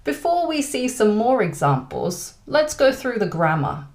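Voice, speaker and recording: A woman with a British accent teaching an online English lesson, speaking clearly and deliberately. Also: a little high, big pitch swings, a little mellow. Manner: clear, deliberate teaching delivery with exaggerated example intonation.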